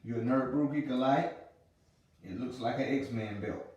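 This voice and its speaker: A man teaching pronunciation, repeating each sound slowly and patiently. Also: mid-range voice, darkish tone, lo-fi sound. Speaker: religious language teacher. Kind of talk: teaching a lesson. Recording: roomy sound from a distant mic.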